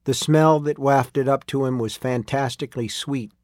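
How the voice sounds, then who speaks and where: A man narrating a story in a steady storytelling read. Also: mid-range voice, moderate pace, no echo, studio quality. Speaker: audiobook narrator. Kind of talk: scripted narration.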